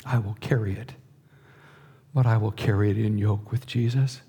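A middle-aged man preaching a sermon, earnest and slow, dropping to a hush at times. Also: fairly low pitch, fairly even intonation, breathy edge. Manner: earnest, slow emphatic delivery with soft, hushed passages. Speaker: pastor.

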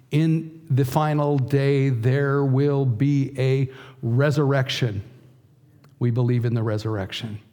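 A middle-aged man preaching a sermon, earnest and slow, dropping to a hush at times. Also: mid-range voice. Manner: earnest, slow emphatic delivery with soft, hushed passages. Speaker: pastor.

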